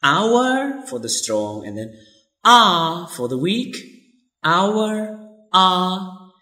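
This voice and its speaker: A man teaching pronunciation, speaking slowly and deliberately and repeating words for drilling. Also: sits high, big pitch swings, bright, forceful tone. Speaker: English teacher. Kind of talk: pronunciation lesson.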